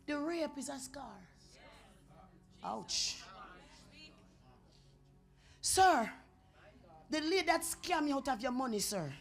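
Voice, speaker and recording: A Jamaican woman preaching a revival sermon in a church, dropping to whispers and rising to shouts. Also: sits high, animated, moderate pace, faint music behind. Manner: swings from whispers to shouting, chanted tongues. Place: church sanctuary.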